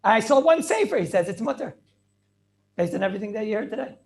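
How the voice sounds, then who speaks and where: Rabbi teaching over a video call, high voice that jumps all over, keeps asking "what?". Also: male voice, fast talker, a little hiss or hum. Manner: animated, questioning, Yiddish and Hebrew terms in English. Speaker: rabbi teaching a Torah class. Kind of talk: lively online Torah class.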